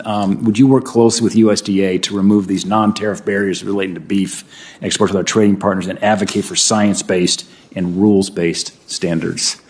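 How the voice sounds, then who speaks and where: A man, a senator, questioning a nominee at a hearing in brisk, hurried questions. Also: deep voice, fairly even intonation, a little mellow, husky.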